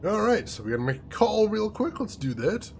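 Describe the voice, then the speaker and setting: A man giving chatty, animated commentary while playing a video game, laughing often. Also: high-pitched, brisk, vocal fry, slight background noise. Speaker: gaming streamer. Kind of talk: casual let's-play commentary.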